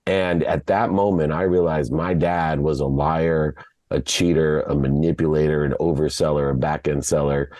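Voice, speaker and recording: A man from Ohio, a podcast guest, telling a personal story in an emotional, halting way, often repeating words. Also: a bass voice, level tone, darkish tone, no echo. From Ohio, USA.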